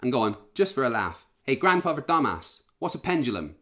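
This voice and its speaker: A man's voice: mid-range voice, big pitch swings, fairly quick, bright, forceful tone. A man hosting a commentary video, mocking and sarcastic. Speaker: host.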